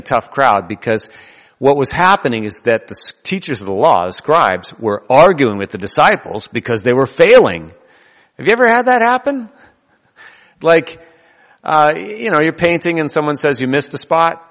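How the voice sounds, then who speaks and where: A man's voice: medium pitch, fairly bright tone, in a large hall. A man preaching a sermon in a loose, conversational way, joking and laughing between his points. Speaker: pastor.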